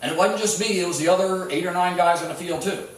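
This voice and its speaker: A man's voice: high voice, fast, slight background noise. A man, the pastor, preaching a sermon in a church and telling stories with a conversational, stop-and-start delivery. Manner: storytelling with sports anecdotes, many restarts. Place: church sanctuary. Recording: echoey church hall, mic at a distance.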